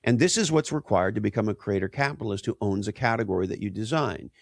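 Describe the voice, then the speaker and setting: A man's voice: on the low side, lively intonation, quick pace, vocal fry, dry recording, clean studio sound. A man speaking as an interview guest, emphatic and punchy, tossing out rhetorical questions. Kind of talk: conversational interview.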